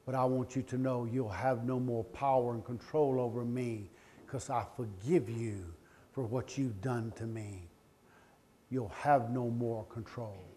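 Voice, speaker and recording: A middle-aged man giving a speech to a live audience, telling a personal story with passion, swinging between loud pleading and quiet, emotional confession. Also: medium pitch, slight background noise. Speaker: motivational speaker.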